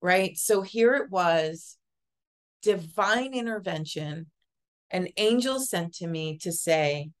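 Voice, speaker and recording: Lady guest telling her story, lower voice, earnest, keeps repeating herself. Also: lively intonation. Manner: earnest, halting, with repeated words and fillers. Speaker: podcast guest, psychic Reiki master. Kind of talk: personal storytelling in an interview.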